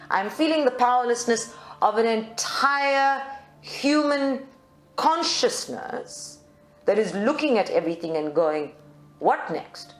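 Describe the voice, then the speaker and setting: A woman's voice: on the high side, lively intonation, slow. A woman from South Africa leading a group in a channeled spiritual talk, reflective and at times heated. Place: meditation centre room. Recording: roomy live recording.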